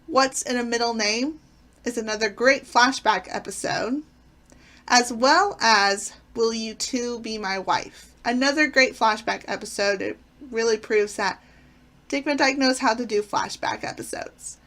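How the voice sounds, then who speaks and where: Her pitch sits fairly high and her tone is a bit bright as she talks at a measured pace. The woman hosts a channel and chats casually about sitcom episodes she loves, recounting plots with excitement and plenty of fillers.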